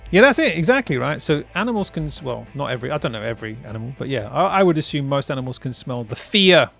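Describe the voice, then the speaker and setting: A man's voice: medium pitch, big pitch swings, fast talker, vocal fry, fairly bright tone, faint music behind. A man hosting a live stream in casual chat, rambling and laughing often, tagging lines with "right?" and "bruv". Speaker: streamer host.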